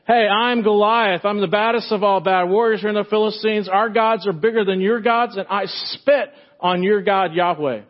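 A man preacher voicing a boastful, mocking giant male warrior, loud and raised in pitch. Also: normal speed, hardly any pauses, dull audio, close to an everyday voice. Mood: taunting.

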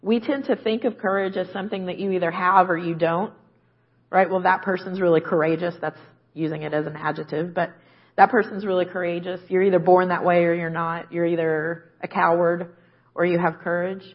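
A woman's voice: lowish voice, steady tone, a little fast, dull audio. A woman preaching a conversational sermon, often checking in with "right?". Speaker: guest preacher.

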